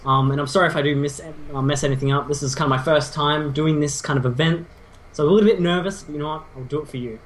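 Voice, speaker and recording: A man's voice: on the high side, fairly even intonation, fast. A man co-casting a game in a laid-back, self-deprecating, rambling way. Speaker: esports co-caster. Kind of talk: casual game commentary.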